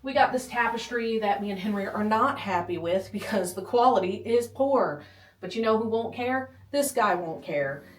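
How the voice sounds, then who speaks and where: With lively intonation at a moderate pace, a pregnant young vlogger casually shows off a small nursery at home, rambling, self-deprecating, and sometimes winded. Her medium-pitched voice is recorded from a distance in a roomy space, with faint music and air conditioner hum.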